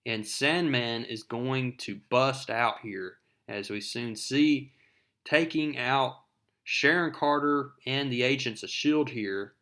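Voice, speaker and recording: A man's voice: medium pitch, takes it slowly, fairly bright tone. A man casually retelling a comic book story in a conversational, storytelling way.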